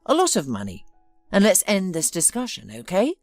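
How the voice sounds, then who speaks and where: A woman's voice: medium pitch, huge pitch swings, moderate pace, no room sound, clean studio sound, faint music behind. A woman voicing a tired, impatient businessman son who talks in a dismissive way. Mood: weary.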